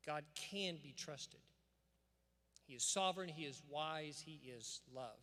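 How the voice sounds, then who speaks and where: A man delivers a formal commencement address, earnest and emphatic, with the cadence of a preacher. His voice sits fairly high and has a bright, forceful edge. It rings out with the long reverb of a large church sanctuary. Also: unhurried. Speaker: school administrator giving commencement address. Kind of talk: formal commencement speech with scripture reading.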